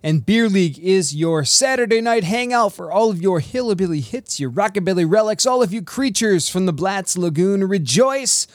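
A man's voice: sits high, animated, no room sound, clean studio sound. A male radio host with a breezy, upbeat patter, introducing songs and listing what is coming up on the show. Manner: breezy, quick patter, casual fillers.

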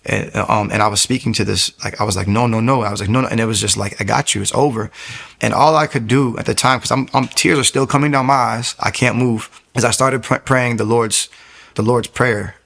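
Gravelly-voiced man in his twenties, middle pitch; an earnest, emotional testimony delivered with halting restarts. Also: fairly even intonation, fairly bright tone. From New York area. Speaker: guest telling his testimony. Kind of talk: personal testimony storytelling.

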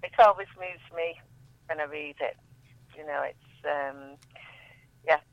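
A woman reading her own poems aloud in a measured, solemn way, then chatting about them. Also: sits low, fairly even intonation, vocal fry, dry recording, muffled recording. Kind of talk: poetry reading and radio chat.

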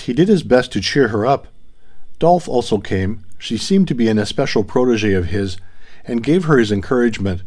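In a medium-pitched voice, a male audiobook narrator works through scripted narration of an adventure novel, keeping his storytelling steady and measured.

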